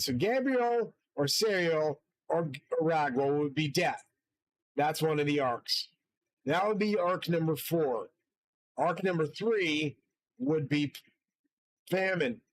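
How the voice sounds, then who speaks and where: A man's voice: a little high, rough recording. A man hosting his own channel, delivering a rambling, profane and grandiose solo monologue from his studio. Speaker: channel host.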